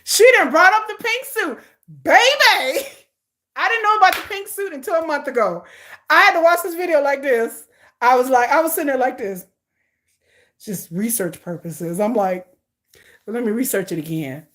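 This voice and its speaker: A woman's voice: high voice, animated, normal speed, a bit bright. A woman vlogger chatting casually with her viewers, playful and laughing often.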